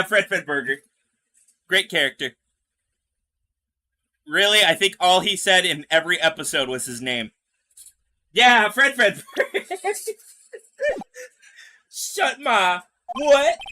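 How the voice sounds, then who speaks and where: A man's voice: high-pitched, bright, forceful tone. A young man streaming a video game live, chatting with his viewers, joking, and reading the game's lines aloud. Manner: chatty and jokey, reads game lines aloud, talks to chat.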